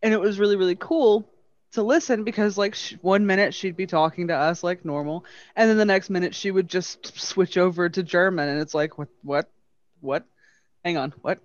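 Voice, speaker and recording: A man chatting casually, telling an energetic story. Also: high voice, a little fast. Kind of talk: casual chat. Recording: dull dry lo-fi.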